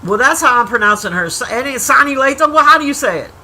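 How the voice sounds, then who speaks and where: Bright-voiced foul-mouthed woman streamer. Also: high-pitched, animated, low-quality recording. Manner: profane, blunt trash-talking, teasing the chat; rambling with restarts and drawn-out asides. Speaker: livestreamer reviewing a movie. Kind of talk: casual livestream chat.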